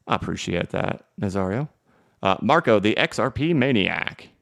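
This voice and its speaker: Deep gravelly chatty streamer man. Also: animated, normal speed, a bit bright. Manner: chatty and joking, many fillers, reacts to viewer comments. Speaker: crypto livestream host. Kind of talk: casual live-stream chart commentary, reading chat.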